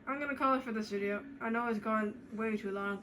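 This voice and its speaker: Young woman, let's play commentary, rambling, fillers, higher pitch. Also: fast talker, fairly bright tone, slight background noise, rough recording. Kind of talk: casual game commentary.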